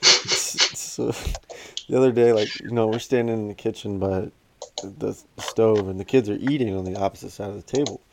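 A man's voice: fairly low pitch, steady tone, moderate pace, creaky, noisy background. A man in casual chat, telling funny stories about his kids, swearing and laughing as he acts out their voices.

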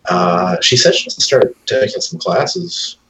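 A man's voice: lowish voice, sing-song, a little slow, a bit bright, poor audio. A man in casual chat, telling rambling, profane stories about his dogs and mimicking them. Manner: rambling storyteller, swears often, mimics his dogs in voices.

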